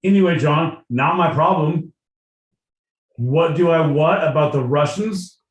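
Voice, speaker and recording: A man's voice: on the high side, unhurried. Blunt man in an echoey room. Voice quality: blunt, swears freely. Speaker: podcast co-host. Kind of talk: casual comedic chat. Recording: echoey room, mic at a distance.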